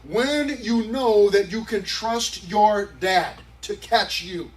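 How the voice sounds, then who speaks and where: A man's voice: sits high, takes it slowly, distant mic, low-quality recording. A male pastor preaching a sermon at a youth service in a conversational, emphatic way. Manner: conversational and emphatic, acting out quotes.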